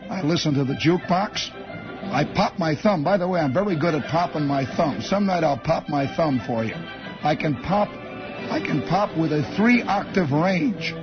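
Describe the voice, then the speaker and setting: A man's voice: a little high, lively intonation, normal speed, over music. A man telling a rambling comic story on the radio, wry and meandering, with chuckling asides. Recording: dull lo-fi radio broadcast.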